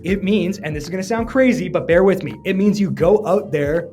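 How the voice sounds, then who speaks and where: Energetic man, higher voice. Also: a little fast, soft background music. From Canada. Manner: energetic, joking, emphatic. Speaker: entrepreneur giving business advice. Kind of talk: motivational business talk to camera.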